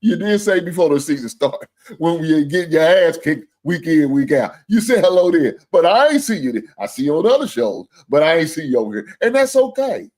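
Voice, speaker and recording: Fairly quick and sing-song, this man's voice sits on the high side with a darkish tone. Hosting a livestream sports show, he vents profanely and heatedly about his team's loss, calling out viewers and super chat senders directly.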